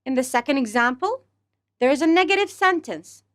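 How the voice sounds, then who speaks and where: A woman teaching an English grammar lesson to pupils, speaking slowly and deliberately and exaggerating the rise and fall of example phrases. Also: high voice, lively intonation, fairly bright tone. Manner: slow, deliberate delivery, speaking to pupils as a class; exaggerated rising and falling intonation on example phrases.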